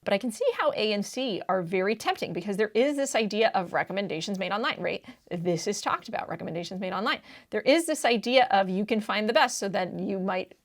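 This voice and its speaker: Brisk and animated, a woman with a mid-range voice explains reading answers for test preparation with hardly any pauses. Her teaching talk is casual and slangy, emphatic, and peppered with check-ins of "right?"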